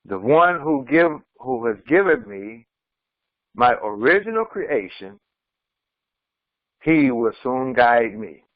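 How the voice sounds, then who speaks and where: A male imam gives an unhurried, deliberate scripture commentary, reciting a line and then translating it piece by piece. His voice is close and dry, with a slightly muffled, dull recording quality. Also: mid-range voice, sing-song, no room sound. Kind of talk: Quran commentary lesson.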